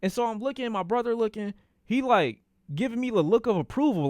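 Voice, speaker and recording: A man streaming a casual storytime, talking in an animated, profane way and acting out the voices of the people in his story. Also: very high-pitched, a little fast, no echo, studio quality.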